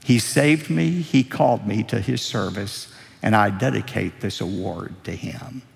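Humble soft-spoken woman missionary, low and quiet, older male preacher voicing her, hall reverb. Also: unhurried, gravelly. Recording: long reverb of a large hall.

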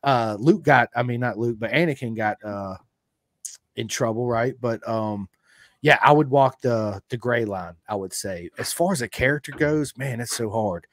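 Keen male host, slangy and excitable, middle pitch, dry close recording. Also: normal speed, dry recording. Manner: enthusiastic, says dude a lot. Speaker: podcast host. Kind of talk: casual interview chat.

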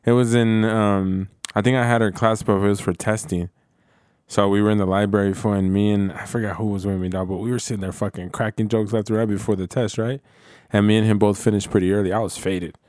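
A man's voice: on the low side, little pitch movement, quick pace, a little mellow, clean tone, dry recording, studio quality. A young man co-hosting a podcast, telling a story in laid-back, slangy, profane chat. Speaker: podcast co-host.

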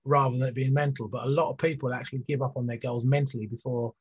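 A man's voice: mid-range voice, fairly even intonation, quick pace, darkish tone, breathy edge. A middle-aged man, a former athlete, telling his story candidly and earnestly as an interview guest, with many fillers and restarts. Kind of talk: reflective storytelling in conversation. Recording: dull lo-fi recording.

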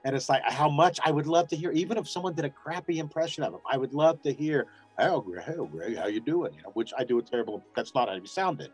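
Animated male storyteller, acting out quotes. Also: a little high, fast, few pauses, slightly rough, soft background music. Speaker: voice actor guest. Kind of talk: casual interview storytelling.

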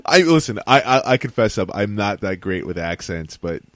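A man's voice: fairly low pitch, expressive, normal speed, fairly bright tone, no echo. A young man co-hosting a podcast, chatting casually and pushing back defensively, with some swearing. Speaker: podcast co-host. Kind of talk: casual chat.

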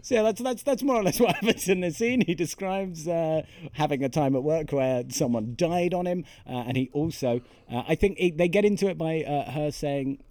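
Man, dry deadpan podcast banter. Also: fairly high pitch, no room sound. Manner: joking, deadpan storytelling with swearing. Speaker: podcast co-host. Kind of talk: casual chat, recapping a film.

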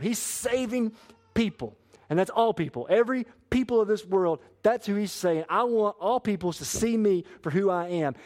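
A young man preaching a sermon as pastor, animated and asking the congregation to answer back. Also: high voice. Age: young adult. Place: church sanctuary.

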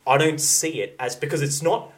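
A man's voice: on the high side, moderate pace, rough recording. Man, podcast co-host, casual chat, argumentative, stumbling restarts.

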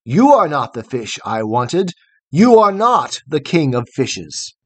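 A man voicing a proud, boastful young male hero who shouts scornful challenges in a storybook poem. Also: fairly high pitch, sing-song, slow, breathy edge, dry recording, full character voice.

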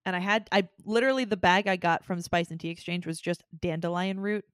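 A woman's voice: lowish voice, steady tone, fairly quick, no echo, studio quality. A woman co-hosting a casual podcast chat, easygoing and giggly. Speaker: podcast co-host.

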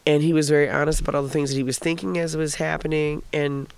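A guest tells a candid, profane story about grief in casual conversation, emotional as he recalls it and acting out the voices of the people involved. His voice is fairly high and gravelly yet smooth, with little pitch movement and a fast delivery, recorded without echo.

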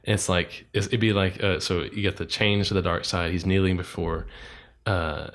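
Low-voiced man in casual chat. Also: moderate pace. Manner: animated storytelling, acts out quotes. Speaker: podcast co-host.

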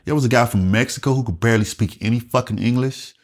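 A man's voice: medium pitch, quick pace. A middle-aged man with a Southern US accent, a retired Air Force guest telling stories casually, profane and acting out quotes. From South Carolina, USA. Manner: animated, profane, acts out quotes in raised voice. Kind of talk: casual storytelling interview.

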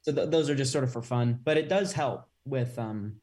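A male co-host chatting casually on a podcast, easygoing and pausing with ums. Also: medium pitch, a little mellow. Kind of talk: casual interview chat.

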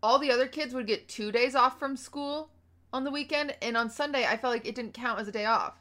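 Young woman, chatty co-host, bright voice, animated storyteller. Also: a little high, fairly quick. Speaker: podcast co-host. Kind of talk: casual chat.

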